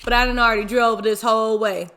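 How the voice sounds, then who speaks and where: Young woman in her 20s, high voice, doing an animated slangy storytime mukbang. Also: quick pace. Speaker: mukbang vlogger. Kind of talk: casual storytime while eating.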